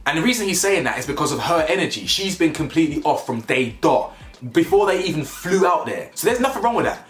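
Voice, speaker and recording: A man's voice: fairly high pitch, very animated, brisk, fairly bright tone. A young man reviewing a reality show in an emphatic, slangy rant, repeating words for stress. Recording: echoey room with faint music.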